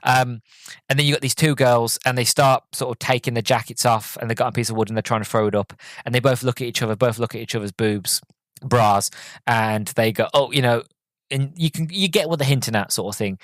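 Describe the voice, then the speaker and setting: A man's voice: medium pitch, fairly quick, a bit bright, dry recording, clean studio sound. Chatty man reviewing a film. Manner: rambling, chatty, many fillers and restarts. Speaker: podcast host. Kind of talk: casual movie review.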